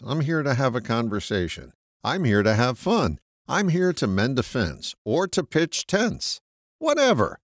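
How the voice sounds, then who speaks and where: Man, low-pitched, animated intonation, measured scripted reading, dry close sound. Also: dry recording. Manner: measured, slow emphatic stresses on key words. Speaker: host of a short reflection segment.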